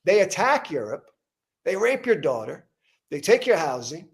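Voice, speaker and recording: A man's voice: on the high side, big pitch swings, normal speed. A man hosting an interview, talking emphatically with frequent restarts and rising intensity as he gets worked up. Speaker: podcast host interviewing a politician. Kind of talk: heated conversational interview.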